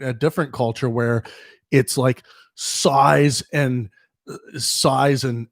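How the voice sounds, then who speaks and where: A man's voice: mid-range voice, dry recording, clean studio sound. Rambling man hosting a livestream Q&A. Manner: rambling, with frequent restarts and chuckles. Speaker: host answering viewer questions. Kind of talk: casual livestream Q&A.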